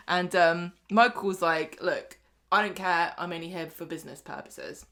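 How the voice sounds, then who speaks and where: A woman's voice: on the low side, unhurried, a bit bright. A woman co-hosting a podcast, retelling scenes chattily and slipping into voices for the characters. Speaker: podcast co-host. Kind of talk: casual recap chat.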